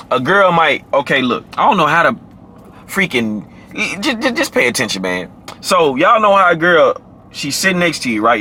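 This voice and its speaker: A man giving casual dating advice to camera, emphatic and slangy, who drops into a deep low voice to demonstrate. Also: bright, forceful tone, slight background noise. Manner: emphatic and slangy, often adds "man" and "you feel me".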